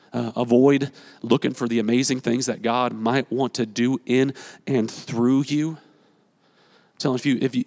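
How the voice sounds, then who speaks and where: A male pastor preaching a sermon with energy, urging the congregation on and repeating his phrases. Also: medium pitch. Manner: energetic, exhorting, repeats phrases, acts out quotes. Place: church sanctuary. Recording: long reverb of a large hall.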